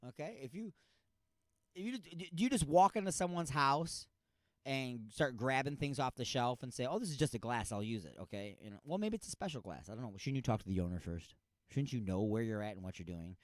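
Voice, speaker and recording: A man's voice: mid-range voice, animated, brisk, no echo, clean studio sound. A man hosting a radio show, riffing on odd news stories in a rambling, mock-outraged way.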